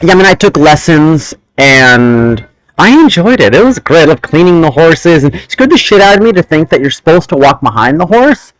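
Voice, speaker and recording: A man's voice: on the high side, normal speed, dry recording, rough recording. A man hosting a casual podcast chat, telling rambling stories about his childhood. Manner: animated, rambling storyteller. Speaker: podcast host.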